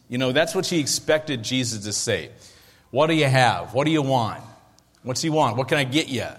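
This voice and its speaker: A man preaching a sermon as pastor, in a lively, conversational way with jokes and asides. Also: medium pitch. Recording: echoey hall with long reverb.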